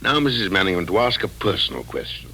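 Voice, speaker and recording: A shrewd police detective in a 1940s radio drama. He asks his questions in a dry, probing and quietly reassuring way, and his pitch moves up and down a great deal. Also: very animated, fast talker, a little hiss or hum, full character voice, poor audio. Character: shrewd, wry middle-aged police detective.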